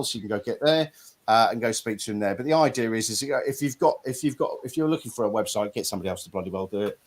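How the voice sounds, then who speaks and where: Middle-aged male host from Norfolk, England, blunt, chatty, mid-pitched. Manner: blunt, chatty, mild swearing. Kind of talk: casual live-stream chat.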